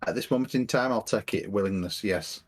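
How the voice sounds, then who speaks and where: A man's voice: lowish voice, a little fast, slightly rough. A man playing a tabletop game over a voice call, bantering casually with his group. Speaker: player.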